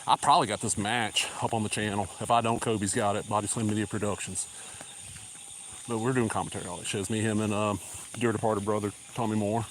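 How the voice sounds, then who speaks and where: A man's voice: fairly low pitch, fairly even intonation, brisk, slight background noise, low-quality recording. A man with a Southern accent, rambling casually while walking, a little out of breath. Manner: rambling, casual, drawling asides. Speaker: vlogger. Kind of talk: rambling live-stream chat while walking. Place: country road outdoors. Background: crickets and insects.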